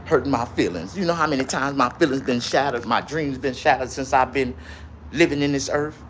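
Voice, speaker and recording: A man's voice: mid-range voice, fairly quick, slight background noise. A man rambling through a profane livestream monologue and reading viewer comments. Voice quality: profane, rambling, swings to loud outbursts.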